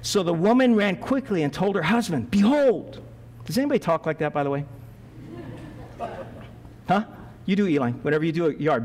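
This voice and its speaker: A male pastor preaching a sermon, lively, acting out the voices of Bible figures as he goes. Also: high-pitched, fairly quick, long pauses, long reverb tail, noisy background.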